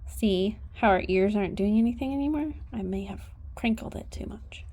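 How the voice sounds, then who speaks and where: A woman horse trainer filming on a handheld phone outdoors by a trailer, talking softly and coaxing her horse with praise. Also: mid-range voice, moderate pace. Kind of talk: casual training vlog. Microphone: handheld phone camera.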